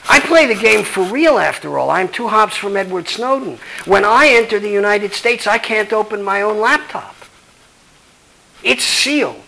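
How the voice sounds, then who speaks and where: Law professor, male, high-pitched and blunt, swearing freely, taking audience questions. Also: lively intonation, moderate pace, creaky, sharp tone, slight background noise, poor audio. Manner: emphatic, blunt, profane. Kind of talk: lecture with audience Q&A.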